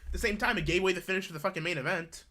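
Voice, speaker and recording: A co-host on a casual wrestling discussion stream, giving quick, sarcastic commentary. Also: mid-range voice, sharp tone. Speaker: podcast co-host.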